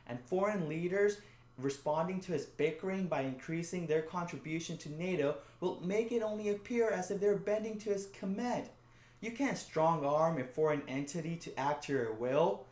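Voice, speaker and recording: A man hosting a satirical late-night news monologue, sarcastic and punchy, with quick asides. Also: a little high, expressive, a little mellow, roomy sound. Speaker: comedy show host.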